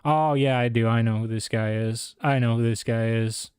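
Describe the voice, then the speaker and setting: A man's voice: medium pitch, fairly even intonation, normal speed, few pauses, darkish tone, smooth, no echo, studio quality. A young man ranting casually about fight cards, exasperated and incredulous, dropping "bro" often. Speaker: MMA commentator. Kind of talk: casual opinion rant.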